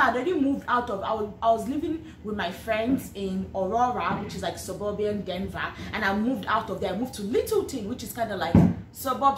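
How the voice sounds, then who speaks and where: A woman's voice: fairly high pitch, slight background noise. Earnest Nigerian woman in an echoey room. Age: young adult. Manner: chatty, earnest, repeats and restarts phrases. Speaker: vlogger. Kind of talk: personal storytelling with faith reflection. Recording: echoey room with faint ambience.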